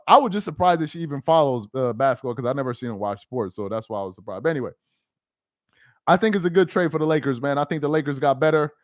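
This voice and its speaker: An excitable young man chats on his live stream, laughing and repeating himself as he talks. His voice sits a little high for a man. The sound is dry and close, with no room echo. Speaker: live-stream basketball commentator. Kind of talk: casual live-stream chat.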